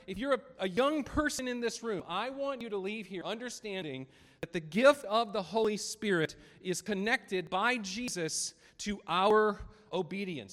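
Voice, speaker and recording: High-pitched guy preaching in a church, slows down hard on the verses, big echoey hall. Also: a bit bright. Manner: earnest, emphatic preaching with slow stressed quotes. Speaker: pastor. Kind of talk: sermon. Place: church sanctuary. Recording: long hall reverb.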